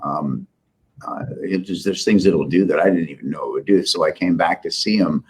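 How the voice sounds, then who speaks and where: A man's voice: deep voice, moderate pace, a little mellow, slightly rough. A middle-aged man, a company CEO, telling rambling, self-deprecating business stories in a casual interview. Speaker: software company CEO, guest.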